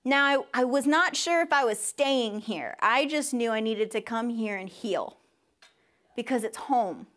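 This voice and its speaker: A young woman with a fairly high voice gives a personal testimony to a church congregation. She is openly emotional and close to tears at times. She acts out the people she quotes with sudden high jumps in pitch. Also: animated, unhurried, fairly bright tone. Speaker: speaker at a church service.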